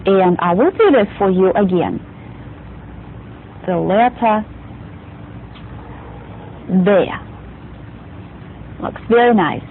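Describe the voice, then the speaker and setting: A woman's voice: medium pitch, expressive, slow pace, vocal fry, long pauses, phone-quality sound, a little hiss or hum. A woman teaching a language lesson, patiently repeating and drilling words for the learner. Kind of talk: slow, clear vocabulary lesson.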